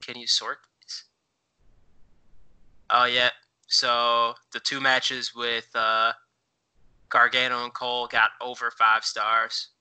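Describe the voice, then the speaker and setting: A man co-hosts a casual chat podcast. His voice is very bright and smooth, and he rambles along with plenty of fillers, checking things as he talks. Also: mid-range voice, monotone, slow, long pauses, poor audio. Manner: rambling, many fillers, looks things up while talking. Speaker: podcast co-host.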